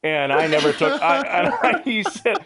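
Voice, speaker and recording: Man, middle-aged, lively swooping pitch, storyteller, laughs through lines. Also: moderate pace. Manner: animated, laughing storyteller who acts out quotes. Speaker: radio show host, hunting guide. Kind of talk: storytelling in a casual chat.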